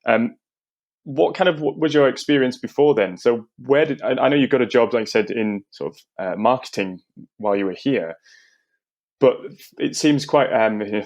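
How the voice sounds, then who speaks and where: A man hosting a business podcast, enthusiastic and stumbling over restarts as he asks questions. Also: lowish voice. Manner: enthusiastic, with hesitant restarts when asking. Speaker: podcast host. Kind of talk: interview hosting.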